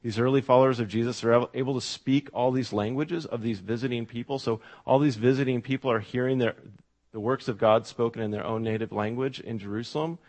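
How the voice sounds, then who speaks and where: A man's voice: medium pitch, steady tone, quick pace, a little mellow. A middle-aged man preaching a sermon as pastor, telling stories in a conversational way with fillers and asides to the congregation.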